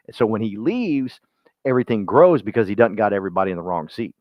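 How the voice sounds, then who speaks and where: A man with a lowish, expressive voice talks fast, leading his real estate agents in a folksy, rambling pep talk and calling on them by name. The recording is dry, dull and lo-fi.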